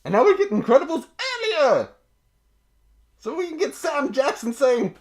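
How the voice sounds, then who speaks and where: Teasing podcast cohost, swoopy pitch, bit gravelly, laughs a lot. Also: very animated, moderate pace, pauses often, a little mellow. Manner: playful and teasing, laughs often. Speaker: podcast co-host. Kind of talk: casual chat.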